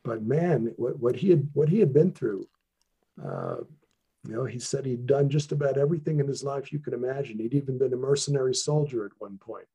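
A man speaking as an interview guest, sharing serious stories about his training in an earnest, measured way with frequent restarts. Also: mid-range voice, very animated, creaky, mellow, breathy edge. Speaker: guest, traditional healer. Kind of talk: interview, reflective storytelling.

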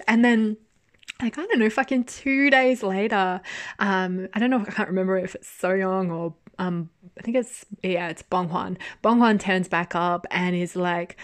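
A young woman talks through a drama's ending in a loose, chatty podcast ramble. Her voice sits at an ordinary middle pitch and is lively, quick to laugh, with the odd casual swear word. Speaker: podcast host. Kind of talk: casual drama review monologue.

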